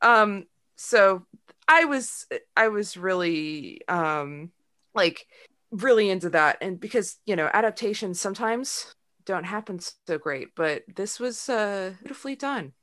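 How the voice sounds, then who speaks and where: A woman's voice: mid-range voice, lively intonation, a little slow, sharp tone. A woman co-hosting a podcast, chatting casually with many fillers and frequent laughter as she recaps a TV episode. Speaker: podcast co-host.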